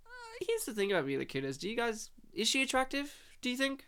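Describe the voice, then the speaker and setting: A man's voice: extremely high pitch, huge pitch swings, quick pace, bright, forceful tone, clear, resonant tone. A young man hosting a casual movie chat, rambling and laughing often. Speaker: podcast host.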